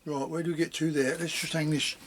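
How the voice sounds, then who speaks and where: Bloke chatting away about his leather bits, rambly, slightly higher voice, chuckles a lot. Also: little pitch movement, a little fast, a little hiss or hum. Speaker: leatherworking hobbyist. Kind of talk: casual workshop vlog.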